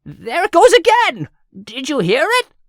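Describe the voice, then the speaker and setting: A man putting on a shrill, frantic old woman. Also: wildly swooping pitch, a little slow, dry recording, clean studio sound, heavily acted. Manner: shrill, urgent yelling.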